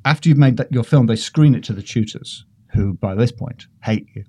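A man's voice: medium pitch, fairly quick, warm tone, slightly rough. A man from Britain, a comedian guest, telling self-deprecating stories in a rambling, casual podcast chat.

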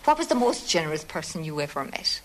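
A woman's voice: sits low, big pitch swings, fast, a little hiss or hum, rough recording. A woman interviewer asking children playful, teasing questions.

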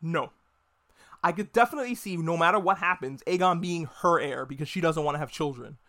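High-voiced man in a profane, joking recap. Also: bright, forceful tone. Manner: profane, joking, acts out characters in quick voices. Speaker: podcast host reviewing a TV episode. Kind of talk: casual recap with acted-out quotes.

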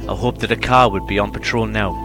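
Male narrator, low pitch, calm measured novel reading, music bed underneath. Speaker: audiobook reader.

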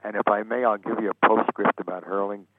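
An older American man, a sportswriter guest, telling lively anecdotes and acting out the people he quotes. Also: lowish voice, fairly quick, no room sound. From United States. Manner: animated storyteller, acts out quoted voices. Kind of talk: anecdotal storytelling interview. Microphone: phone. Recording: tinny phone line.

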